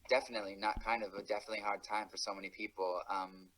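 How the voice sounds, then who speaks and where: A man with a low, even voice answers an interview question. He speaks slowly and reflectively, pausing and restarting as he gathers his words, with little rise and fall. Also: slight background noise, low-quality recording.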